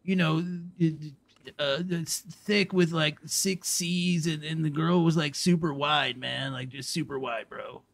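A man's voice: on the high side, steady tone, gravelly. A man doing a dopey, rambling bro. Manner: rambling, halting, says bro and man a lot. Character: dim, rambling young male bro character. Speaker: roleplay streamer. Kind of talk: in-character roleplay chat.

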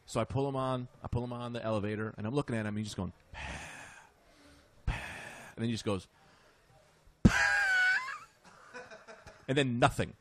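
A man telling comic stories as a podcast guest, a little buzzed, bursting into loud high voices to act out the people in his stories. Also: fairly quick, long pauses. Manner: acts out characters with loud high-pitched outbursts. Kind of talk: animated comedic storytelling.

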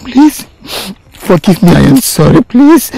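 A man's voice: sits high, big pitch swings, unhurried, gravelly, heavily acted. An actor playing a terrified young man who begs and stammers through tears. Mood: pleading. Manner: tearful, begging, stammering. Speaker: desperate man begging for mercy. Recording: film scene with loud score.

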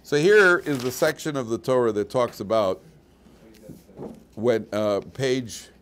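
Animated older rabbi giving a lively lecture. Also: male voice, medium pitch, a little slow, slight background noise. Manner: animated, digressive, with restarts and asides; dry, mocking humor. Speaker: rabbi teaching a weekly Torah class. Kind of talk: informal Torah lecture.

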